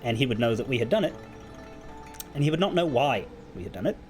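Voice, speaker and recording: Man playing a cold, matter-of-fact warlord, quick and clipped. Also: medium pitch, faint music behind, natural voice. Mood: calm. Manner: flat, curt, matter-of-fact. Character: ruthless, unsettlingly calm male warlord.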